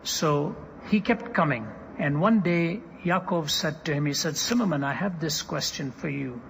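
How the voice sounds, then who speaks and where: An older man preaching a sermon, telling stories dramatically and swinging from hushed to loud, recorded in a large hall. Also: on the high side, normal speed, vocal fry, a little hiss or hum.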